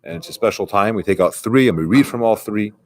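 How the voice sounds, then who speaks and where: A man's voice: on the low side, animated, fast talker. A man who is a rabbi, giving a conversational sermon and retelling a story with quoted dialogue.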